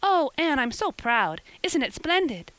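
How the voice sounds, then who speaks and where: A woman voicing an excitable schoolgirl who gasps out her exclamations. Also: high-pitched, measured pace, no echo, voice pushed up, full character voice, poor audio. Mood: overjoyed. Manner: gasping, exclamatory. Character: excitable, loyal schoolgirl friend.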